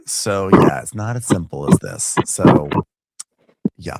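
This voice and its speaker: A man co-hosting a casual podcast, recapping an episode and acting out the characters' lines with big jumps in pitch. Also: normal speed, very noisy. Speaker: podcast co-host.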